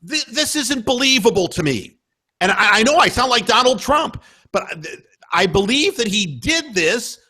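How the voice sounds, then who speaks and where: A man's voice: sits high, sharp tone. A man hosting a radio show, delivering a heated, profane political rant, stumbling and repeating himself as he gets worked up. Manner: profane, indignant, emphatic; restarts and repeats when worked up.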